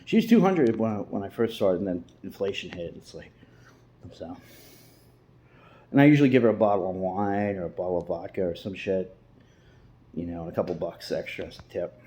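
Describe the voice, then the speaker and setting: A man's voice: low-pitched, warm tone, a little hiss or hum. A man vlogging in a casual, rambling way from an emptied-out house, swearing freely and restarting his sentences. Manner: profane, loose, rambling with restarts.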